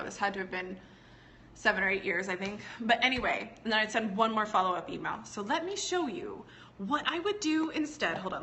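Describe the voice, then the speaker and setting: A woman's voice: fairly high pitch, bright, forceful tone, slight background noise. A woman teaching on a casual live stream. She talks in a chatty, digressive way, laughs often, and answers viewers' comments as they come in. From United States. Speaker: business educator hosting a live stream.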